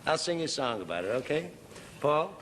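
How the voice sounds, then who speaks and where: A man's voice: on the high side, big pitch swings, fairly quick. A man hosting a television variety show, chatting in a playful, coaxing way.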